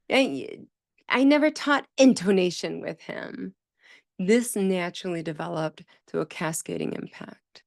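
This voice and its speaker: A woman hosting a podcast about speech therapy, telling stories with lively emphasis and acting out the voices of people she quotes. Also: on the low side, vocal fry, no echo, studio quality. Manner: animated storytelling, acts out quoted voices, emphatic repetition. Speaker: speech-language pathologist podcast host. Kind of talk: solo podcast talk.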